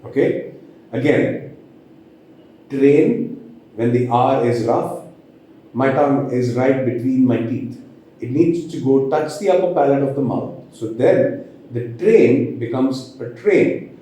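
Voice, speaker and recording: A man coaching pronunciation, his voice dark and mellow as he carefully demonstrates each sound. It is recorded in a very echoey room. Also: mid-range voice. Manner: slow, deliberate demonstrations of sounds. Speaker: communication trainer. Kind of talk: pronunciation lesson.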